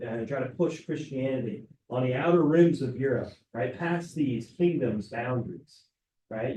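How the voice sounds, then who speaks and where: A man's voice: medium pitch, warm tone, slight background noise. A male teacher giving a casual classroom lecture, often checking in with "right?". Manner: casual, keeps asking "right?". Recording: roomy classroom, mic far off.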